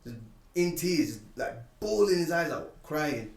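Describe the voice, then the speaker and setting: A man's voice: fairly high pitch, a little slow, creaky, soft background music. A man casually telling a personal story on a podcast, acting out what people said. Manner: animated, acts out quoted lines. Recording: echoey room, distant mic.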